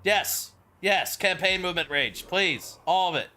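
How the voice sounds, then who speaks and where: A man's voice: high-pitched, a little slow, pushed and bright. A young man casually commenting on his strategy game, rambling and swearing, with lots of fillers. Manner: rambling, profane, full of fillers. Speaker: game streamer.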